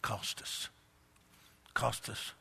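A man preaching a sermon in a folksy manner, building up to shouted emphasis. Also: drawn-out words, in a large hall.

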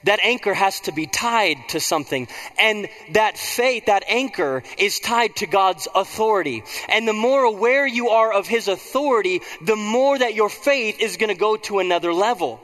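A man's voice: sits high, expressive, moderate pace, hardly any pauses, a bit bright, in a large hall. A man preaching a conversational sermon as pastor, prompting the congregation to respond.

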